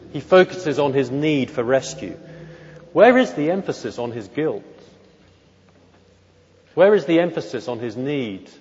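A man preaching an expository sermon in church, measured and emphatic, often asking rhetorical questions. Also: mid-range voice, a little mellow. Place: church during a worship service. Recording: dull lo-fi recording with long hall reverb.

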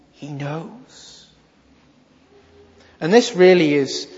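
A man preaching a sermon, asking rhetorical questions with strong emphasis and dropping to a hush at times. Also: high-pitched. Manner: emphatic, rhetorical questions, swings from loud to hushed. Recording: dull lo-fi sound with long reverb in a large hall.

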